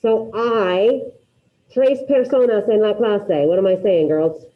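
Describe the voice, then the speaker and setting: A woman teaching a class, drilling her students through repetition and quizzing them with quick questions in an upbeat way. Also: medium pitch, phone-quality sound. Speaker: Spanish teacher. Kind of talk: classroom grammar lesson.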